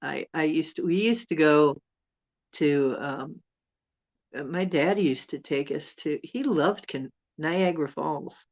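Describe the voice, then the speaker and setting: A woman's voice: low-pitched, takes it slowly, highs cut off. A woman hosting a casual live chat with viewers, rambling and chuckling as she teases them. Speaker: host.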